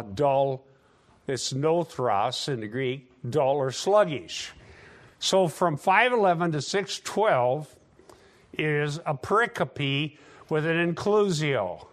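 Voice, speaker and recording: A man's voice: fairly high pitch, a bit bright. A man preaching a sermon, teaching conversationally with sarcastic asides and building emphasis.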